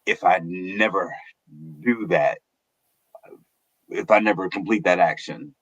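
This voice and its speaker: A man on a podcast panel, talking in a deliberate, searching way with pauses. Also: deep voice, fairly bright tone, dry recording, lo-fi sound. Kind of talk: casual discussion.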